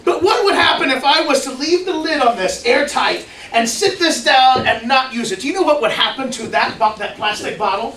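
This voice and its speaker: A man with a high, bright voice plays a worn-out character in a kids' skit and turns it into a lively science lesson, asking the audience questions along the way. He sounds far from the microphone in an echoey room. A faint hiss sits under the recording. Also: a little fast, few pauses. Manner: playful, asks the kids questions. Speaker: children's ministry presenter. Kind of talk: comedic science skit for kids.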